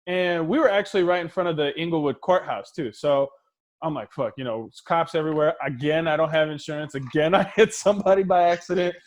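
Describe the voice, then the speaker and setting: Over a video call, a stand-up comedian from Los Angeles, in his thirties, talks fast with a fairly high-pitched voice. He delivers casual, profane anecdotes and performs the voices of the people he describes.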